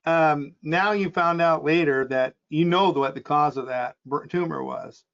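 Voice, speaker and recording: Steady male interviewer, slightly high voice. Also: unhurried, vocal fry. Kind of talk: interview questions and summary. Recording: muffled, lo-fi recording.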